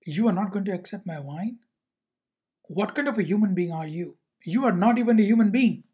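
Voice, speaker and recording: A teacher voicing a relaxed, rule-breaking Zen teacher who coaxes and challenges his guest. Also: medium pitch, normal speed, slightly rough. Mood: scolding.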